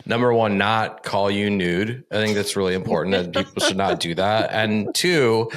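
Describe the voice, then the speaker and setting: A man's voice: fairly low pitch, fairly even intonation, moderate pace. A man hosting a podcast, talking loosely and profanely and laughing often in casual conversation. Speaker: podcast host.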